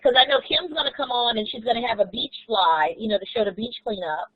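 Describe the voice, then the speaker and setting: A fairly high-voiced woman teacher runs a staff planning meeting over a video call, upbeat and playful, thinking aloud. The call audio sounds dull and muffled. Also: quick pace, breathy edge, dry recording. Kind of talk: casual planning chat.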